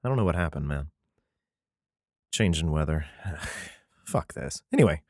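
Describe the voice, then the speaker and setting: A congested man reading old bible verses slowly and solemnly, then breaking off with profane, sarcastic asides and clearing his throat. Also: a bass voice, lively intonation, a little mellow, no room sound, clean studio sound. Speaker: scripture reader and commentator. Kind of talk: bible reading with irreverent commentary.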